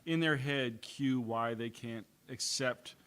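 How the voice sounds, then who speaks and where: A man's voice: mid-range voice, takes it slowly, a bit bright, clear, resonant tone. A man earnestly asking a question from the floor at a convention, searching for words. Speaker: audience member asking a question. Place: convention meeting room.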